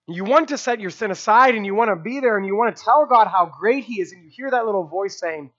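A man's voice: high-pitched, fairly bright tone, lo-fi sound. A man preaching a sermon, emphatic, with rhetorical asides and repeated phrases. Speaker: pastor.

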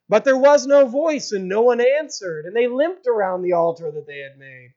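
A woman's voice: fairly high pitch, animated, normal speed, hardly any pauses, dark tone. Emphatic woman preaching, dull lo-fi sound. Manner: emphatic, asks rhetorical questions, repeats key phrases. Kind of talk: expository sermon.

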